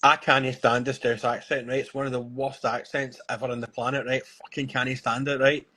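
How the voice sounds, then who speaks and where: Husky-voiced man ranting bluntly. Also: medium pitch, flat delivery, normal speed, bright, forceful tone. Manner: blunt, ranting, swears a lot. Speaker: podcast co-host. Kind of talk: casual chat.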